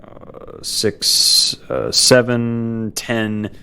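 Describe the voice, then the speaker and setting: A man playing in a tabletop game, slowly counting out dice rolls. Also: medium pitch, little pitch movement, bright, forceful tone, clean tone. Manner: slow, counting aloud. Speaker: player. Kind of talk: casual tabletop play. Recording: faint background noise.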